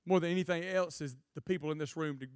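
A man preaching a jokey, animated youth sermon to a live student audience. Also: fairly high pitch, fast, clear, resonant tone, no echo, clean studio sound. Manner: jokey, animated, acts out quotes in funny voices. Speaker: guest preacher.

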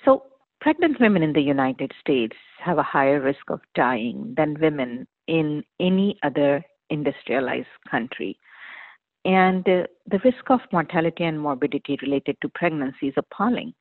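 Middle-aged woman doctor, measured and emphatic, heard over a phone line. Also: sits low, lively intonation, dry recording. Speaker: cardiologist guest. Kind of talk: medical interview answers. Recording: dry tinny phone line.

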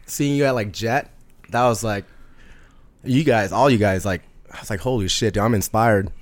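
A man's voice: lowish voice, normal speed, no room sound. A man guesting on a podcast, talking in a laid-back, slangy way during casual chat.

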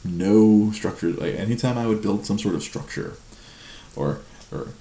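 A man's voice: fairly low pitch, moderate pace, warm tone. A man hosting a live show, chatting casually, rambling with frequent laughs and stammered repeats. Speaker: livestream show host. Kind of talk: casual chat. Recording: roomy echo with faint noise.

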